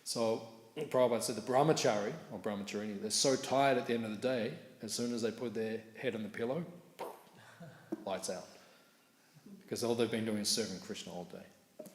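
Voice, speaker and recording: A man's voice: on the low side, moderate pace. A middle-aged man giving a morning scripture class, telling anecdotes in a chatty way. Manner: chatty storytelling, laughs at own anecdotes. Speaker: class speaker. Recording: echoey hall with faint room noise.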